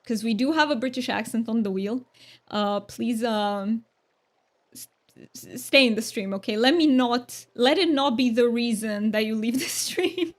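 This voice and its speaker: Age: adult. Sex: woman. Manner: bubbly, giggly, chatty. Pitch: fairly high. Role: game streamer. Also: a little slow. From Romania. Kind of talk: casual live-stream chat.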